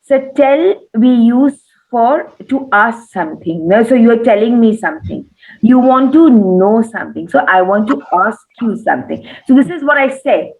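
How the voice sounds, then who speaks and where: An Indian English woman answers questions as a webinar co-host, speaking at a fairly high pitch. She talks earnestly and repeats her points, with plenty of fillers. The call audio is tinny and phone-like. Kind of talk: online webinar Q&A. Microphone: video call.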